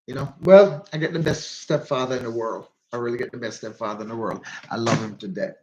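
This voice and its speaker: A man's voice: mid-range voice, fast talker, darkish tone, rough recording. A man with a Jamaican accent hosting a casual live chat with viewers, rambling and repeating himself for emphasis. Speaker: livestream host.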